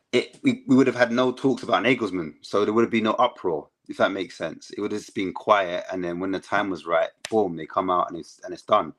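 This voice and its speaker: A man's voice: sits low, a bit bright. A man chatting casually as a football fan panelist, rambling with fillers.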